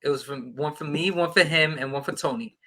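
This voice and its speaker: A man, a podcast guest, telling an excited casual anecdote and acting out the dialogue. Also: fairly high pitch, a little fast.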